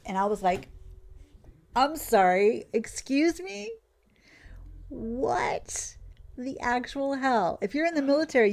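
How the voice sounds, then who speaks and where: A woman streamer ranting in casual chat while playing a farming game, often losing her train of thought. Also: a little mellow. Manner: ranting, loses her train of thought, mimics others in a higher voice. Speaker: gaming streamer.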